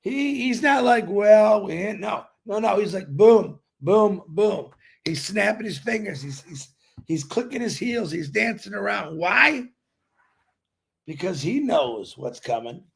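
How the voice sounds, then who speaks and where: A man's voice: high-pitched, sing-song, unhurried, creaky, fairly bright tone, slightly rough. A man hosting a daily live stream, greeting viewers by name and chatting in an upbeat, rambling way.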